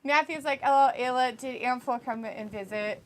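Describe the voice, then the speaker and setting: A woman's voice: high voice, normal speed. A woman co-hosting a live watch-along, casually reading viewer comments aloud, laughing often and swearing freely. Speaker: co-host of a wrestling watch-along.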